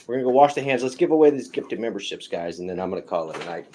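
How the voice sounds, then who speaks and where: A woman hosting a casual livestream from home, chatting in a relaxed way and sometimes dropping to a whisper. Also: rumbling low, racing, slight background noise. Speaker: livestream host. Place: home bedroom.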